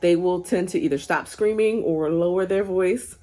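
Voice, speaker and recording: A young adult woman giving casual parenting advice to camera in an earnest, gently encouraging, conversational way. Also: lowish voice, moderate pace. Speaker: parenting vlogger.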